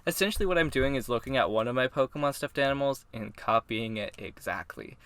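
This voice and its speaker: A chatty man co-hosting a podcast, his voice bright and clear at a middle pitch. He rambles loosely, leaning on fillers and breaking into laughs now and then. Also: animated, a little fast. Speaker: podcast co-host. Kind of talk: casual chat.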